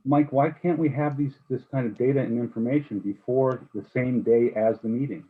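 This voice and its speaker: A board member questioning officials at a public meeting, speaking haltingly with frequent restarts. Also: male voice, medium pitch. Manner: halting, many restarts and repeated words. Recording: husky voice on a tinny phone-like line.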